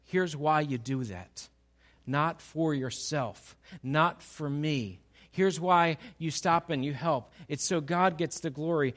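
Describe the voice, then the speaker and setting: A man's voice: a little high, slow, a bit bright. A man preaching a sermon, who reads scripture and acts out its dialogue with playful humor. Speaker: pastor.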